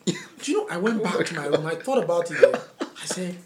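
A man's voice: high-pitched, brisk. A man, a comedian telling stories in casual chat and acting out what people said, often laughing. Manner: animated storyteller acting out quotes, laughing often. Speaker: comedian guest.

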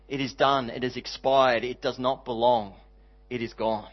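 A man preaching a sermon as pastor, earnest, reading scripture aloud and slowing down to stress key words. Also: medium pitch, fairly even intonation, muffled recording. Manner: earnest, slows for emphasis, reads scripture aloud.

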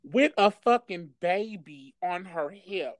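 A woman's voice: fairly low pitch, takes it slowly, no room sound. A woman tells a wild personal story to a friend in loose, casual chat. She swears constantly and keeps breaking into laughter. The recording is dry and close, with no room sound. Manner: profane, animated, laughs often.

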